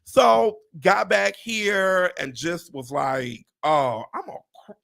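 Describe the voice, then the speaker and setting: A man hosting a livestream chat, telling a story with excitement, acting out what people said, swearing and laughing often. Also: high voice, slow, gravelly. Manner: animated, acts out quotes, swears, laughs often. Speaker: real estate agent and livestream host.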